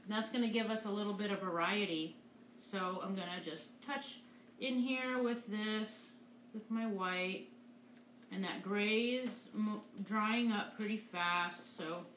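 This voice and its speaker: A woman's voice: medium pitch, unhurried, fairly bright tone, roomy sound, slight background noise. A woman art teacher giving a live painting demonstration, upbeat and encouraging as she talks through each stroke. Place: art studio.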